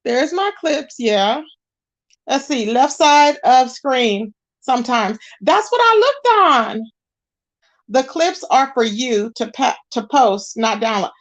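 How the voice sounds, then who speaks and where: A woman's voice: high-pitched, expressive, takes it slowly. A woman hosting a casual livestream, greeting viewers and chatting while she searches her screen. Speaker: livestream host.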